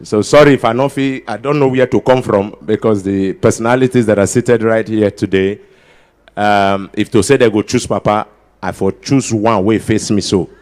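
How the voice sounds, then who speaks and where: A man with a Nigerian accent doing stand-up comedy at a ceremony, bantering with the crowd and slipping into pidgin with sudden loud outbursts. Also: on the low side, fairly even intonation, normal speed. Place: large ceremony before an audience.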